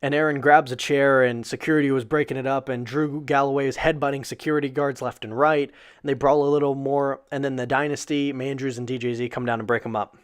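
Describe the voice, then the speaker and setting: A man's voice: mid-range voice, a little fast, clear, resonant tone. Rambling, profane man recapping wrestling. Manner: loose and profane, many fillers, bursts of excited disbelief. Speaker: wrestling show reviewer. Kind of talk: casual recap commentary.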